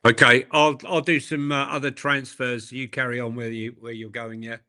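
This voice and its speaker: A man with a bright, forward voice, co-hosting a casual football livestream. He thinks aloud in an easy, rambling way, with plenty of fillers. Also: medium pitch, level tone, normal speed. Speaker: co-host.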